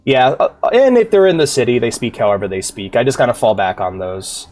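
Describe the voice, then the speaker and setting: A man's voice: mid-range voice, animated, a little fast, a little mellow. A man streaming a video game, chatting loosely with viewers, rambling and swearing freely, with faint game music behind. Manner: rambling, profane, chatty with chat. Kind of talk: casual gaming stream chat.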